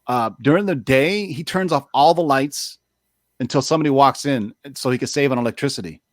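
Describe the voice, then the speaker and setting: A man co-hosting a casual comics chat show, telling stories in a loose, animated way and acting out the people in them. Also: mid-range voice, brisk, dry recording, clean studio sound. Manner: animated storytelling, loud swearing, acts out other voices. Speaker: podcast co-host.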